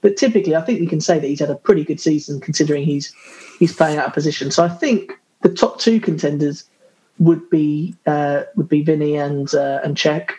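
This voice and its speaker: A man on a podcast panel, giving measured, thoughtful answers full of small hesitations. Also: a little high, dark tone, rough recording. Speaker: podcast co-host. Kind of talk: casual chat.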